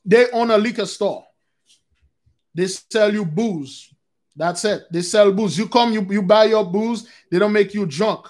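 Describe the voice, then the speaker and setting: A man's voice: high voice, a little slow, a little mellow. A man hosting a casual spiritual talk, rambling and repeating himself as he keeps calling his listeners brothers and sisters.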